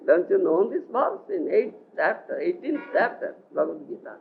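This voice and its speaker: Speaking in a high, creaky voice, an Indian spiritual teacher gives a lively scripture talk in a lecture hall and often asks if listeners follow him. Faint hiss runs under the dull lo-fi archival tape.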